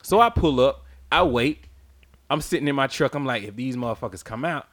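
A man spins a casual, profane story on a podcast, his voice swinging widely as he goes. He keeps laughing through it and acts out his own yelling. His pitch sits in a middle range. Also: expressive, a little fast. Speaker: podcast co-host.

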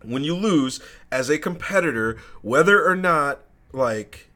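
A young man co-hosting a gaming podcast chats casually and tells stories with plenty of swearing. His voice is fairly high-pitched and pushed and bright, with lively intonation and an unhurried pace.

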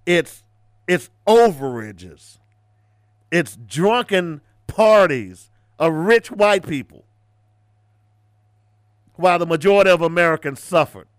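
A man's voice: lively intonation, slow, pauses often, no echo, clean studio sound. A man hosting a radio talk show, ranting and mocking his listeners in casual commentary. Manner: preachy, ranting, mocking, switches between loud rants and low asides.

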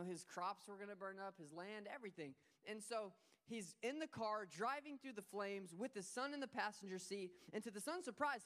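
A woman pastor preaching a sermon in a casual, storytelling way, acting out the quoted voices. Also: mid-range voice.

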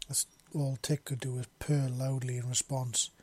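A man's voice: medium pitch, little pitch movement, moderate pace, darkish tone. A man reading a romance story aloud, with small slips and restarts. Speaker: narrator. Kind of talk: amateur fiction reading.

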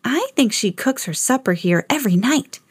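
A curious, confident little schoolgirl from a picture book, as a mother reads her lines. She sounds a touch high and lively, earnest and sure of her ideas, in a dry, close sound. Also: moderate pace, husky, no echo.

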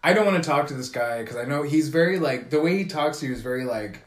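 A man's voice: a little high, fast talker. A young man in his twenties co-hosting a casual podcast, telling a story with lots of swearing and acted-out quotes. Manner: profane, animated storytelling with mimicked quotes. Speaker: podcast co-host. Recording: echoey room.

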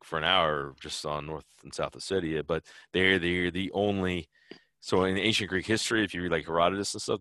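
A traveler appears as an interview guest in a casual conversation, answering questions loosely and rambling with lots of fillers and restarts. His voice rumbles low yet sounds pushed and bright. The recording is dry, with clean studio sound.

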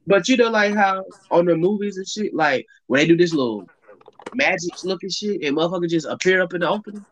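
A man's voice: sits high, expressive, a little fast, a bit bright, poor audio. A young man telling a rambling, profane story in casual chat on a call, heavy with fillers.

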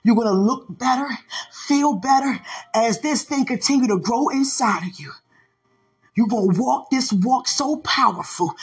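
A woman preaching a fervent sermon, declaiming in repeated refrains and at times shouting. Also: a little high, expressive, measured pace, slightly rough. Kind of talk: fervent sermon over music.

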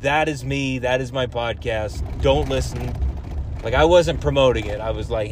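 Regular guy cussing a lot, rambling on with lots of ums, mid pitch, bit of faint noise behind him. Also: moderate pace. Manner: heavy swearing, loose and rambling with many fillers. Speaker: hunting vlogger and podcaster. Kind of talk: casual rambling talk to camera.

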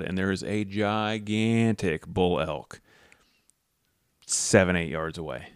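A man's voice: sits low, fairly even intonation, slow, clean tone, no room sound, clean studio sound. A man hosting a casual outdoors podcast, telling a long story in a blunt, profane way and acting out the dialogue. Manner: rambling storyteller who acts out quoted dialogue. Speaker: podcast host.

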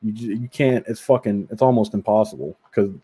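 A man's voice: on the low side, brisk, mellow, breathy edge. A man in casual podcast chat, rambling and profane, often breaking off and restarting his sentences.

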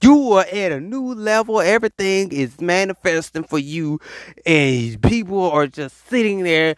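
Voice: mid-range voice, measured pace, no room sound. Slangy, preachy spiritual speaker with a dry sound. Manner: animated, slangy, rambling and preachy. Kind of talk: spiritual pep talk. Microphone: voice message recording.

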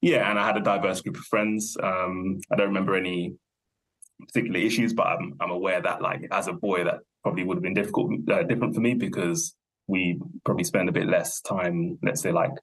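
A young man, a podcast guest thinking aloud in a relaxed, rambling way, full of fillers and self-corrections. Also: sits low, fairly quick, slightly rough. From London, England. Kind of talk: casual conversational interview.

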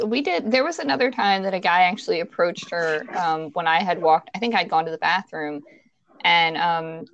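A woman co-hosting a casual chat. She tells a story with energy, swears freely and acts out the lines she quotes in a loud voice. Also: mid-range voice, lo-fi sound, a little hiss or hum.

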